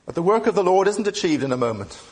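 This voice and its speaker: Earnest preacher man, somewhat high voice. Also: big pitch swings, quick pace, darkish tone. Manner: earnest, many rhetorical questions. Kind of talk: sermon.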